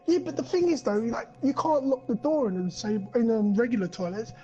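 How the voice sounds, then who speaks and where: A man's voice: extremely high pitch, lively intonation, a little fast, muffled recording, over loud music. A young man on a podcast, rambling through a crude story and swearing a lot. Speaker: podcast co-host. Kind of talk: casual chat.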